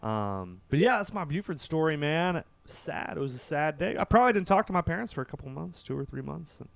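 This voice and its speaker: Young man, podcast storytelling, lively swooping voice, dry close sound. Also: a little high, fairly quick, creaky, no echo. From Kentucky, USA. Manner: animated, acts out quotes, laughs through the telling. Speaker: podcast guest.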